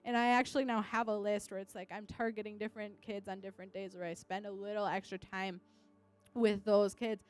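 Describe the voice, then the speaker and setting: A woman's voice: medium pitch, level tone, a little fast, smooth. A young woman, an English teacher, earnestly sharing a personal testimony and acting out what people said. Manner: earnest storytelling, acting out quotes.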